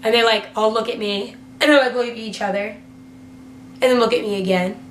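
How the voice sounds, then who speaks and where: A woman's voice: on the high side, fairly even intonation, fairly quick. A young woman telling a story in a casual vlog, chatty and filling her talk with "like" and the odd swear word. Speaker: vlogger. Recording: roomy echo with faint hum.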